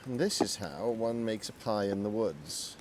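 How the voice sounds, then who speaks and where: A man's voice: on the low side, animated, measured pace, background noise. A man hosting an outdoor cooking vlog, chatty and self-deprecating as he talks through each step. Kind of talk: casual cooking vlog narration. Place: outdoors in woodland.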